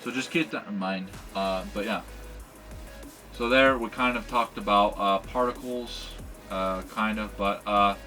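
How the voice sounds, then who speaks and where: A man's voice: on the low side, fairly even intonation, a little slow, bright, forceful tone, soft background music. A man teaching a language lesson in a casual, rambling way, with many fillers and restarts.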